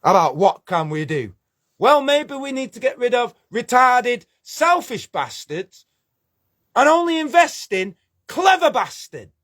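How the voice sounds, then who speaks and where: A man's voice: extremely high pitch, very animated, moderate pace, a bit bright. A man ranting angrily to camera, swearing and confrontational. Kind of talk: angry video rant.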